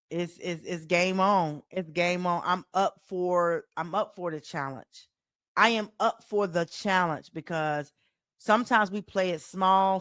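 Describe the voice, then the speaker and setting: A woman with a light Southern US accent talks straight into a close mic, coaching her podcast listeners. Her delivery is animated and folksy, and she repeats key phrases like a preacher driving a point home. The sound is dry, with no room echo. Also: lowish voice. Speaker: life coach and podcast host. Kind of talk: solo motivational podcast talk.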